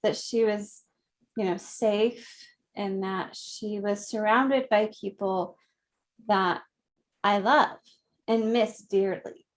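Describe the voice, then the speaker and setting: A woman in her thirties, a guest in an interview, speaking gently and reflectively, with frequent soft laughs. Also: medium pitch, steady tone. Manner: slow, gentle, reflective, laughs softly often. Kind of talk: conversational interview.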